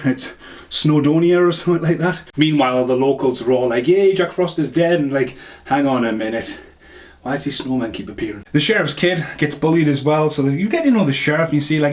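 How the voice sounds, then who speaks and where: A man with a slightly high voice talks briskly through a casual, rambling movie review rant. He swears freely and laughs at his own jokes.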